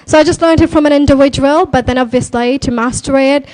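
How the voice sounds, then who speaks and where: Upbeat young woman speaker, high voice. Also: fairly even intonation, fast, a little mellow. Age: 20s. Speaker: guest speaker. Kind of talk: motivational talk.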